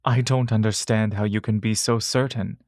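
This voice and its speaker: A man voicing a pregnant woman who leads her group in a fantasy story, speaking quietly and earnestly. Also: on the low side, steady tone, moderate pace, dry recording, clean studio sound, close to an everyday voice. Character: pregnant woman leader, weary but resolute.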